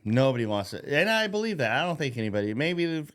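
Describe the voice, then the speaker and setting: A man's voice: medium pitch, big pitch swings, fast, a bit bright. Profane, rambling man ranting on a podcast. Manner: profane, rambling, laughs at his own jokes; mocking. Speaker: podcast host. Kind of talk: casual political rant.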